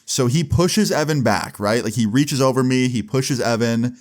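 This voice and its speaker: A man's voice: medium pitch, normal speed. A young man in his twenties casually narrating a storytime with lots of fillers and "right?" check-ins. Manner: relaxed, filler-heavy, keeps checking in with "right?". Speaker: YouTuber telling a story.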